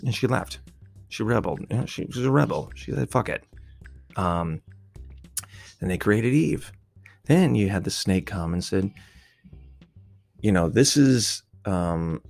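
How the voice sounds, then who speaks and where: A man talking in a rambling, profane, irreverent off-the-cuff monologue. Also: low-pitched. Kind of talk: casual unscripted monologue.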